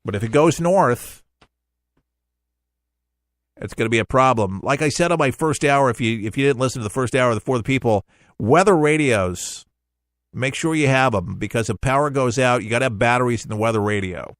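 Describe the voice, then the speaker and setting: Folksy middle-aged male talk host, mid-pitched, dry close sound, rambles and restarts. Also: fairly quick, fairly bright tone, no echo. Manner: folksy, rambling, self-interrupting. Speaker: radio talk show host. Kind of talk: casual talk radio monologue.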